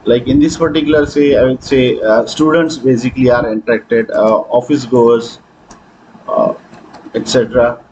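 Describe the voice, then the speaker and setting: A man hosting a software tutorial, talking through his screen with frequent hesitations. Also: medium pitch, fairly even intonation, normal speed, dull audio, a little hiss or hum. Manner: hesitant, many fillers. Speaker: tutorial host. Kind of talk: screen-recording software walkthrough.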